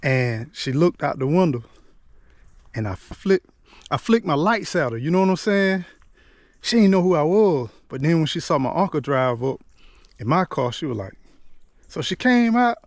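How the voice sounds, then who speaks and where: A middle-aged man recounts his own story in a loose, conversational way, tossing in "man" and "you know what I'm saying" as he goes. His voice sits a bit higher than most men's. The sound is close and dry, with no room around it. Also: sing-song, normal speed, pauses often, dry recording. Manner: repeats and restarts words as he recalls. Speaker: motivational vlogger. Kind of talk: personal storytelling.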